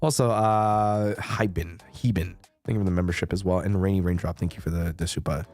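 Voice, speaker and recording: A man's voice: sits low, steady tone, a little fast, darkish tone. A young man chatting casually on his stream, rambling and playful, swearing freely and laughing often. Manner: frequent laughter and restarts. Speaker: VTuber streamer.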